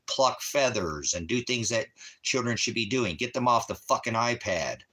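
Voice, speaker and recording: A man's voice: fairly low pitch, pushed and bright. A man hosting a casual livestream, rambling profanely and talking straight to his chat viewers. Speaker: livestream host. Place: Christmas Valley area, rural.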